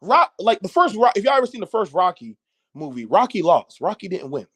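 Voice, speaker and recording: Loud, cursing American man ranting. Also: sits high, a little fast, husky. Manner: loud, animated, cursing, mocking. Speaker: podcast host. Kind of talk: profane ranting monologue.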